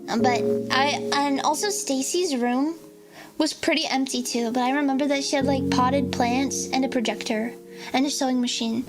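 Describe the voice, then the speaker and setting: A woman's voice: high-pitched, fairly even intonation, normal speed. A young adult woman streamer telling a rambling story in a casual chat, full of fillers, acting out what people said. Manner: rambling, filler-heavy, acts out quotes. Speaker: VTuber streamer. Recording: loud music under the voice.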